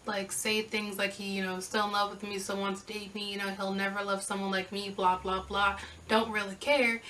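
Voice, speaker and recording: A young woman vlogger telling a casual storytime, sassy and animated as she acts out the back-and-forth. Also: medium pitch, normal speed, distant mic, a little hiss or hum, rough recording.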